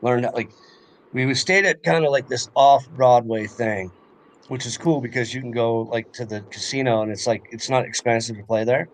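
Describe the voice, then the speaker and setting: A man's voice: mid-range voice, moderate pace, a little hiss or hum. Rambling young man telling a story. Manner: rambling storytelling full of fillers and swearing. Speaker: podcast co-host. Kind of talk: casual chat.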